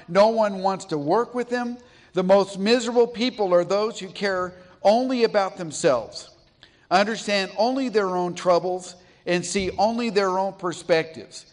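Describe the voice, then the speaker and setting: A middle-aged man from Colorado preaching a sermon in a church, telling stories slowly and deliberately with pauses. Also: sits high. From Colorado, USA. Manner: storytelling, slow and deliberate with pauses. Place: church sanctuary.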